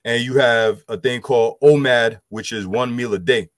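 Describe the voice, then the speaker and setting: A man's voice: mid-range voice, normal speed, dry recording. A man, loosely explaining scripture and health to a group with lots of "you know" fillers. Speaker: group discussion speaker. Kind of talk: casual scripture teaching.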